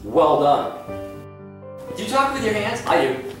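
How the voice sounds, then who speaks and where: A woman's voice: medium pitch, sing-song, a little slow. A woman playfully interviewing young children with teasing questions and exclamations. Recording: echoey room from far off, music behind. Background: music.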